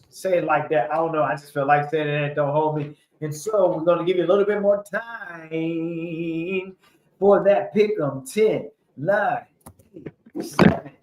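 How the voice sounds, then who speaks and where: A playful man hosts a casual sports livestream, laughing and drawing out his words at an unhurried pace. His voice rings in a roomy, echoey space. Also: on the high side, a little hiss or hum. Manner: playful, laughing, hyping up picks. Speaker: host. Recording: echoey room.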